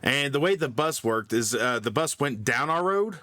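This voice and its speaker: A man's voice: medium pitch, lively intonation, moderate pace, bright, forceful tone. A man co-hosting a podcast, telling a long story in a rambling way, full of fillers, restarts and laughs at himself. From grew up in the country. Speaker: podcast co-host. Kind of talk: casual storytelling.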